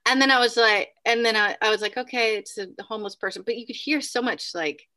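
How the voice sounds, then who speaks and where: A woman telling a ghost story in casual chat, full of "like" and "right?", acting out what people said in sudden high bursts. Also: fairly quick. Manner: animated, acts out quotes with sudden high bursts; many fillers like "like" and "right?". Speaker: podcast guest.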